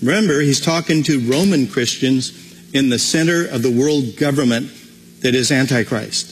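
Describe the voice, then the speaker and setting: A man's voice: mid-range voice, normal speed, slight background noise. A man preaching a conversational sermon as pastor, with frequent restarts. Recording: long hall reverb.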